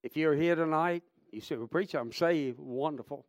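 A man preaching a revival sermon, swinging between shouted praise and hushed storytelling. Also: fairly high pitch, moderate pace, few pauses, dry recording, dull audio. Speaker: traveling preacher.

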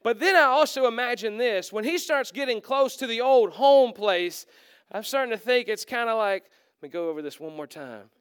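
A male pastor preaching a sermon, acting out the characters and swinging from loud to hushed. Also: very high voice, expressive, normal speed, clear, resonant tone, dry recording, clean studio sound.

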